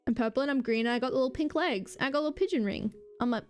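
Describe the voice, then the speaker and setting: A woman's voice: fairly high pitch, rapid-fire, darkish tone, soft background music. A woman live streamer in casual, rambling chatter, swearing and mocking herself as she goes.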